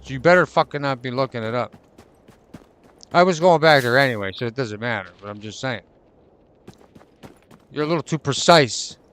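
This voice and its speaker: A man's voice: medium pitch, normal speed, pauses often, fairly bright tone, clean tone, faint music behind. A man giving casual, profanity-laced commentary while playing a video game with a friend. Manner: chatty, swears freely, reads game text aloud. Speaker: gaming channel host. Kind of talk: casual let's play commentary.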